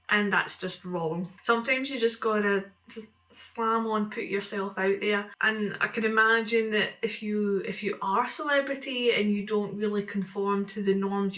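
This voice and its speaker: A woman's voice: mid-range voice, a bit bright. A middle-aged woman, talking to camera in a casual vlog, rambling and reflective with many fillers and restarts. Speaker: vlogger.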